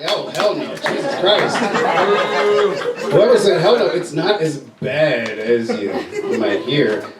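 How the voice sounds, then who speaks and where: A young man works through a loose stand-up set, swearing freely and padding his lines with filler words. His voice sits a little high. He is caught from far back in an echoey club, with the audience laughing all around him. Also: slow pace, over a noisy crowd. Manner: loose, rambling, profane, many fillers. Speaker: stand-up comedian. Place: comedy club stage.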